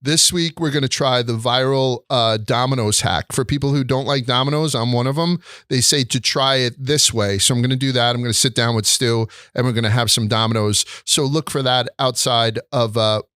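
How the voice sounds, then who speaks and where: A young adult man hosting a casual chat, telling stories in an animated way and swearing often. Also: medium pitch, moderate pace, hardly any pauses, clear, resonant tone, dry recording, clean studio sound. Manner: animated storytelling with frequent swearing. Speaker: host.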